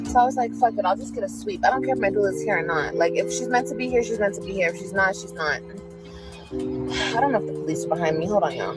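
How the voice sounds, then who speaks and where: A woman's voice: medium pitch, a little fast, long pauses, over loud music. A young pregnant woman vlogging in a casual, weary, complaining way, swearing often and sounding close to tears. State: tearful. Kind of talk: casual phone vlog.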